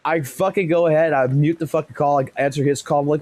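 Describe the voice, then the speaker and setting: A man's voice: fairly high pitch, fairly even intonation, fast talker, a little mellow. Blunt, heavily swearing male streamer. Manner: heavy swearing, blunt and heated. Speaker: live streamer. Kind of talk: casual storytelling on stream.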